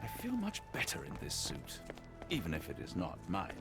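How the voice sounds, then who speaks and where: Sherlock Holmes, a composed detective. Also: male voice, deep voice, huge pitch swings, normal speed, creaky, fairly bright tone, exaggerated voice. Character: shrewd gentleman detective, composed and observant. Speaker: video game character. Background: game music.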